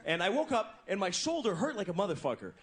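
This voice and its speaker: With a fast, fairly bright, high-sitting sing-song voice, an American man in his twenties runs through a crude stand-up set, telling stories conversationally before a club audience. He performs the characters' voices, and the live recording is noisy.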